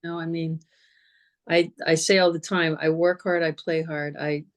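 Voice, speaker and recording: A woman speaking as a guest and cancer survivor, telling stories in a casual, animated way that often repeats words and breaks into laughter. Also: low voice, moderate pace. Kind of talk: casual conversational storytelling.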